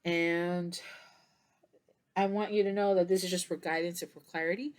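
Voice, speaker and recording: A woman's voice: on the low side, fairly even intonation, moderate pace. A tired woman giving a casual tarot reading to camera, chatty and meandering, with many fillers and yawns. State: tired, yawning. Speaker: tarot reader.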